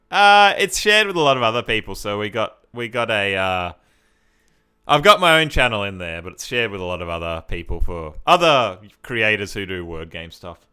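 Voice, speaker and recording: A man's voice: lowish voice, pushed and bright, clean tone. A man giving chatty live-stream commentary as he talks to his chat and often laughs. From Australia.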